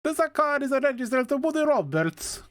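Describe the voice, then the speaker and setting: A man's voice: very animated, moderate pace, fairly bright tone, exaggerated voice. A man voicing a goofy male police officer with a put-on heavy Italian accent, reading game dialogue aloud in a hammy, exaggerated way. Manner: hammy, high and exaggerated, food puns.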